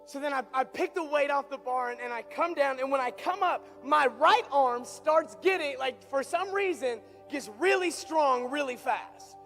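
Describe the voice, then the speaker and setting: A young man preaching through an animated personal story, building from quiet asides to excited shouts. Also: extremely high pitch, moderate pace, few pauses, faint music behind. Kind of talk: storytelling sermon.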